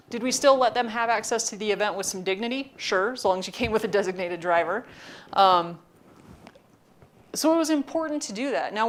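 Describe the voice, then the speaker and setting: A woman giving a lecture, telling funny anecdotes with wry, deadpan asides. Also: on the high side, a little hiss or hum. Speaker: university lecturer. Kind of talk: storytelling lecture.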